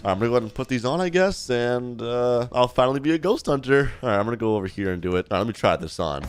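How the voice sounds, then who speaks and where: Excitable young gamer guy narrating role-play. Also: mid-range voice, fast, hardly any pauses, soft background music. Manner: reads other players' chat aloud, slangy and chatty. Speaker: gaming YouTuber.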